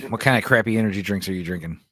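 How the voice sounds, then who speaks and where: A man's voice: sits low, fast, a bit bright, no echo, clean studio sound. A man hosting a loose livestream chat, swearing freely and reading viewer comments aloud. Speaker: podcast host.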